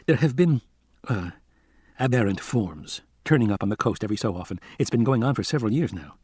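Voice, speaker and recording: A man's voice: on the low side, lively intonation, brisk, a little mellow, slightly rough, no room sound, studio quality. A man voicing a chatty, placating biologist. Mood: confiding. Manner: talkative and explaining.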